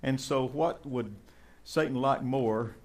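A male pastor delivering a sermon, shifting between relaxed asides and fervent, emphatic passages. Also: medium pitch, takes it slowly. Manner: conversational preaching that swells into fervent emphasis.

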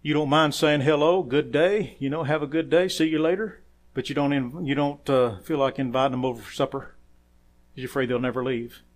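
A man preaching a sermon as pastor, quoting scripture, saying "amen" often, rising to loud emphatic phrases and dropping quiet for asides. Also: fairly even intonation, a little fast. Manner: emphatic preaching that swells louder on key phrases and drops low and quiet for asides; quotes scripture with frequent "amen".

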